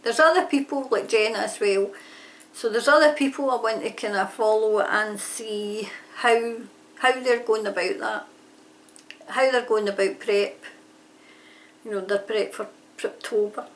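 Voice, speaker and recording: A woman's voice: fairly high pitch, fairly even intonation, measured pace, a little hiss or hum. A woman chatting casually about her writing, rambling and often correcting herself mid-sentence. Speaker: aspiring author answering a tag. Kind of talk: casual chat. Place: home near a railway line. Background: trains passing.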